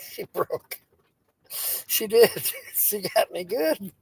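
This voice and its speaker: A man hosting a relaxed live stream, chatting slowly and easily while he reads viewer comments and jokes around. His voice has a husky edge and sounds dry and close, with no room around it. He is goofy and giggly and keeps cracking himself up. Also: high voice, no room sound. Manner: giggly, breaks into laughter often; playful and goofy, tickled by wordplay. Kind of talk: casual live-stream chat, reading viewer comments aloud.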